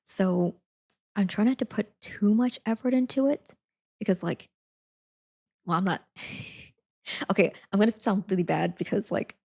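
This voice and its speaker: A woman's voice: medium pitch, unhurried, gravelly, long pauses, a little mellow. A young adult woman chatting casually on a live stream, laughing often, saying "like" a lot and thanking viewers again and again.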